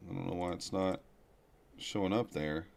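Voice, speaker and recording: Low-voiced man musing over live charts. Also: moderate pace, vocal fry, darkish tone. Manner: casual, thinking aloud, chatting with viewers. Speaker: livestreaming futures trader. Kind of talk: live market commentary.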